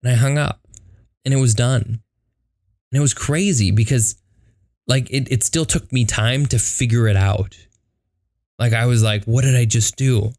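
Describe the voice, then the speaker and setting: A man's voice: medium pitch, unhurried, long pauses, a little mellow, dry recording, studio quality. A young man hosting a podcast, telling a personal story in a conversational way, with lots of fillers and acted-out quotes. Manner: conversational, many fillers, acts out quoted dialogue. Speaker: podcast host.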